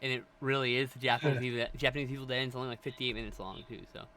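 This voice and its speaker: A man co-hosting a relaxed movie chat, his voice bright and a little sharp. He talks in an animated, opinionated way and tends to rant. There is a faint noise floor behind him. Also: medium pitch, very fast. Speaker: podcast co-host.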